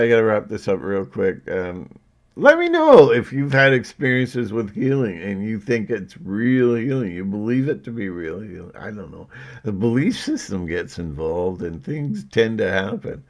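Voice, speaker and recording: A man talking to camera in a rambling, casual monologue, joking and self-mocking, with frequent laughs. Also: on the low side. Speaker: video blogger.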